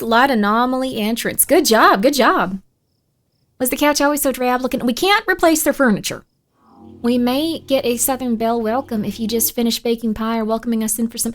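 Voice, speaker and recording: A woman streaming a spooky game, chatting playfully with viewers, dropping to whispers while searching and bursting into excited shouts. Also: fairly high pitch, a little fast. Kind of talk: casual live-stream gaming chat.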